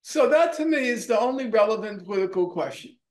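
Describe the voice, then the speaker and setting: Emphatic high-voiced older man in echoey room. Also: expressive, fairly quick, a little mellow. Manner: emphatic, rhetorical questions, many fillers and restarts. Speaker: interview guest. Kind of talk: argumentative interview answer.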